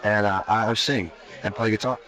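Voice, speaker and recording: A man's voice: fairly low pitch, fairly even intonation, brisk, fairly bright tone. A male guest musician giving short, jokey, laid-back answers in a casual interview at a restaurant.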